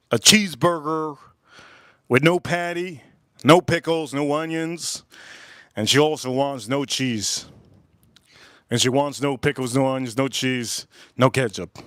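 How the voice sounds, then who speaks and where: A man's voice: medium pitch, measured pace, pauses often, a bit bright, no echo, studio quality. A man hosting a livestream, casually telling a rambling, laughing story, repeating himself and swearing now and then. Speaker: livestream host.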